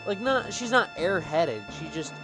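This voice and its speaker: Chatty streamer rambling thru a retro game, lively up-and-down voice, faint game music. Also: mid-range voice, moderate pace. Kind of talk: casual let's-play commentary.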